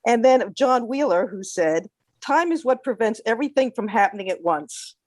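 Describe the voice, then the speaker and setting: A woman in the audience asking a question, full of praise and speaking haltingly as she searches for words. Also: a little high, animated, dry recording. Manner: effusive, appreciative, halting.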